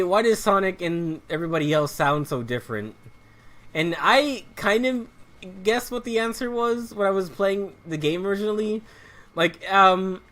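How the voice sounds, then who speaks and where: A man's voice: sits high, a bit bright. A man giving casual commentary while playing a video game, rambling loosely with restarts and muttered asides about what he is playing. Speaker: let's play commentator.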